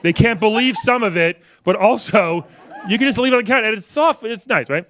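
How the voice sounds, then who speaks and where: Speaking fairly quickly in a high, animated and slightly bright voice, a man in his forties from New York does stand-up at a comedy club with a live audience. He is wry and conversational, riffing with the people in the room.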